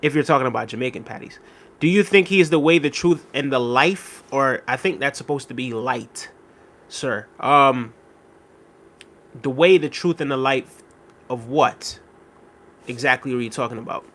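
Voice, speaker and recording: A man's voice: medium pitch, moderate pace, pauses often, a bit bright. A man hosting a casual live stream, reading viewer comments aloud and thanking them by name. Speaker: livestream host reading chat.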